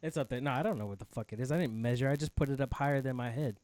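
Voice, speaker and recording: A man's voice: medium pitch, rapid-fire, darkish tone, no room sound. A man co-hosting a podcast in casual, laid-back chat, swearing now and then. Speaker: podcast co-host.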